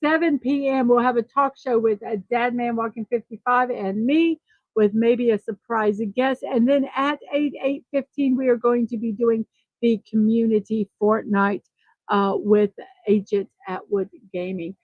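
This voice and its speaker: A woman's voice: on the high side, dry recording, narrow, tinny audio. A woman hosting a casual livestream morning show, chatting, reading viewer comments aloud and fumbling a little with numbers.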